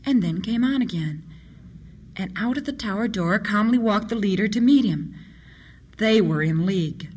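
A woman reading an adventure story aloud in a steady, measured manner. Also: medium pitch, slightly rough. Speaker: narrator.

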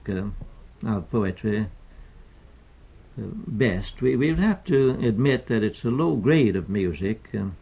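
An older male poet lectures on meter at a medium pitch, his gravelly voice carrying a breathy edge. He speaks hesitantly and deliberately, with many pauses and fillers, and the archival recording sounds dull and lo-fi.

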